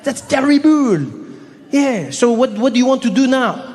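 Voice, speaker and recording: Stand-up bit: man playing a chummy young agent, high and loud, echoey hall. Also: moderate pace. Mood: breezy. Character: laid-back young male French airport agent. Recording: reverberant hall with faint crowd noise.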